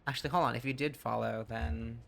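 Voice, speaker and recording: A man's voice: mid-range voice, steady tone, a little fast, gravelly, a bit bright. A man from Tennessee chatting casually with viewers while playing a game, rambling and easily sidetracked. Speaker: streamer. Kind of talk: casual live-stream chat while gaming.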